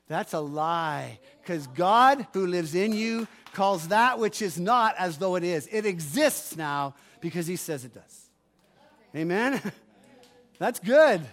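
A male pastor preaching a sermon, moving between forceful commands and quieter asides, and often asking the congregation if they follow. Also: high voice, a little slow. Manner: preaching with rising fervor, commanding declarations; asks the congregation for responses.

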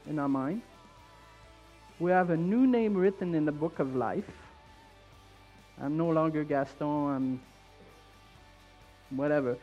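A man with a French Canadian accent preaching a fervent sermon in church, repeating his points and building up to shouts. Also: high voice, muffled recording.

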